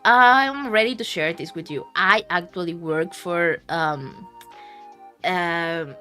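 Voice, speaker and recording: Woman streamer, bright crisp voice, giggly and foul-mouthed, faint music behind. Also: mid-range voice, expressive, unhurried. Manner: laughs often, swears, rambling storyteller. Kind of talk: casual stream chat.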